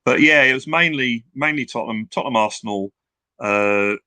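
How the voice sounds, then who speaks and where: An older man from England reminisces in a loose, rambling way, circling back and restarting his sentences. His voice is bright and forward. The sound is dry, close and without room echo. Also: medium pitch, normal speed, clear, resonant tone. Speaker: guest. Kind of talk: casual interview storytelling.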